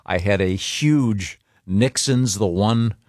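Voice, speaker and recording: A man's voice: on the low side, slow, darkish tone, dry recording, clean studio sound. A man co-hosting a casual show, wry and joking as he tells stories. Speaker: co-host. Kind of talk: casual banter.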